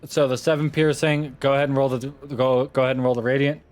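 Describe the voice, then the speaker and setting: A man acting as dungeon master, running a tabletop game in a casual, quick way. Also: mid-range voice, flat delivery, a little mellow, soft background music.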